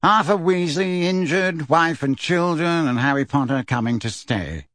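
A man's voice: on the high side, sing-song, a little slow, sharp tone, dry recording, exaggerated voice. A man voicing a haughty wizard in a portrait, with a reedy voice and a bored, drawling, disdainful manner.

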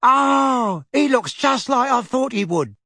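Bold, cheeky young witch, high and chirpy, put on by a male audiobook narrator, with a slightly husky edge. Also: animated, slow pace, pushed and bright, no echo, studio quality, exaggerated voice. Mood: delighted.

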